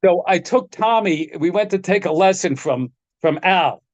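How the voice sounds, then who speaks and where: Animated man telling stories. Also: high voice, moderate pace, no room sound, highs cut off. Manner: animated anecdotes, acts out quoted voices, laughs often. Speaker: guest, guitar tech. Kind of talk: casual storytelling.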